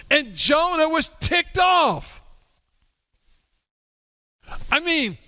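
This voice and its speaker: High-voiced, bright-toned male pastor preaching. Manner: humorous, acts out quoted voices. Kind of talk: sermon. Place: church sanctuary. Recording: long church hall reverb.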